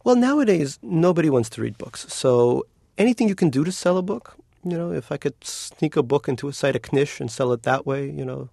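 A man being interviewed as a novelist, talking in an animated, joking way and laughing often. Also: a little high, a little fast, gravelly, no echo, clean studio sound. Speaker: novelist guest. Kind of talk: casual interview chat.

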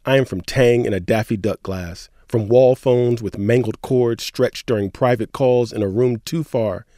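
A man co-hosting a radio show, reading poetry lines in an earnest, measured voice with a middle pitch. The recording is dry and close. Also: dark tone, no echo. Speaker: radio co-host.

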